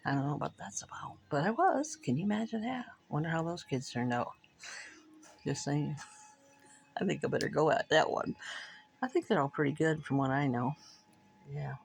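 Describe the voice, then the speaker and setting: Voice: medium pitch, animated, normal speed, gravelly, long pauses. A middle-aged vlogger chatting casually over coffee, frank and profane, rambling and laughing between thoughts.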